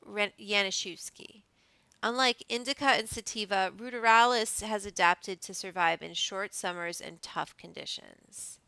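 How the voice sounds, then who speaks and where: Gravelly, bright-voiced woman host. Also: mid-range voice, steady tone, moderate pace, few pauses, no echo, poor audio. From Canada. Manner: reads notes aloud then riffs off-script with asides. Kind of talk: casual reading and chat.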